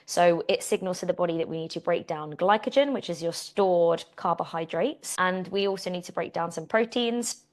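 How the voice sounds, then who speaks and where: A British woman hosting a fitness Q and A podcast, chatty and animated, telling stories with a laugh. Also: on the low side, moderate pace. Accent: British English. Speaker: fitness coach and podcast host. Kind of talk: casual Q and A podcast chat.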